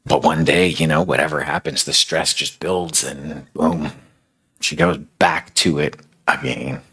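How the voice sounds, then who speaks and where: A man's voice: extremely low pitch, fairly even intonation, measured pace, bright, forceful tone, husky. A man preaching a sermon, retelling a story in a casual, conversational way with many fillers.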